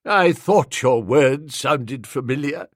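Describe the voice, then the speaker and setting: Man doing a slow, doddering old lord. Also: mid-range voice, no echo, studio quality. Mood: delighted. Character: elderly gentle male lord, sentimental.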